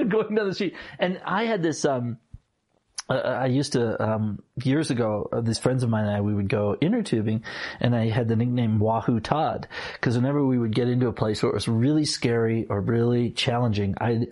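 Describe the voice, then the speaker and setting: A man with a husky voice telling a personal story in a casual chat, laughing often and getting animated when he quotes people. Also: mid-range voice, normal speed. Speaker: guest.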